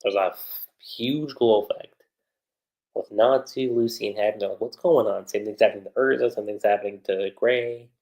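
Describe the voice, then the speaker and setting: A man hosting a livestream, recapping an anime episode in a chatty, animated way, with lots of fillers. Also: lowish voice, normal speed, muffled recording. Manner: animated retelling with frequent fillers. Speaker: anime reviewer.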